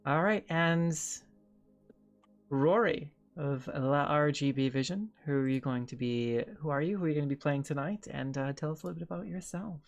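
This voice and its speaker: A woman hosting a tabletop game stream, upbeat and quick to laugh as she introduces the players. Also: deep voice, soft background music. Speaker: game master and stream host.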